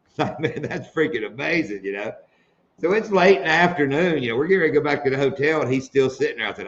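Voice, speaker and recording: A man's voice: medium pitch, a little fast, highs cut off. A man hosting a casual live stream, telling jokes and laughing at them. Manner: joking storyteller, laughs at own jokes.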